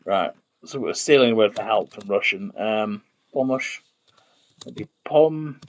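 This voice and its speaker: Keys click and clatter as a man streams from his desk, building a made-up language. He thinks aloud and mutters while working, trailing off and fixing his own words. His voice sits on the low side, expressive and unhurried.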